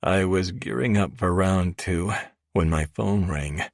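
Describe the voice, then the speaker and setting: A man narrating a romance audiobook in first person, deep and gravelly, with an even, steady reading. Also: unhurried, no room sound, studio quality.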